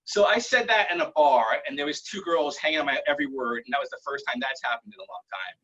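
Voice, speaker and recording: Man, stand-up comedian, video call, bright breathy voice, rambling self-mocking jokes. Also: a little high, fast talker. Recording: muffled lo-fi online call audio.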